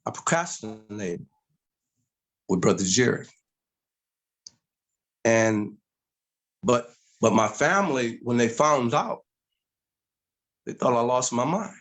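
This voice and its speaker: A middle-aged man telling his story as an interview guest, animated and acting out voices in quotes. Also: mid-range voice, takes it slowly, long pauses.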